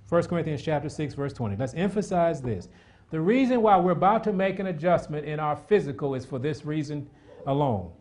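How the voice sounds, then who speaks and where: A middle-aged man preaching a sermon, animated and repetitive, with asides to the congregation. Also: a little high, a little fast.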